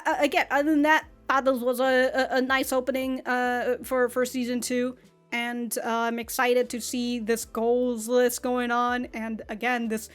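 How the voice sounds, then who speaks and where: A woman with a high voice hosts an anime reaction video in loose, casual chat. She rambles and giggles, and her sentences stall and restart as she thinks aloud. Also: sharp tone. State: running out of breath.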